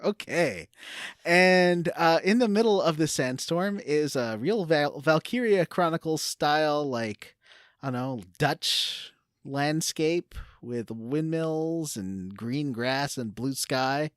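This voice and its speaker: A woman's voice: deep voice, animated, slow, no room sound. A woman co-hosting a casual gaming podcast, recapping the plot with wry, dry asides. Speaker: podcast co-host.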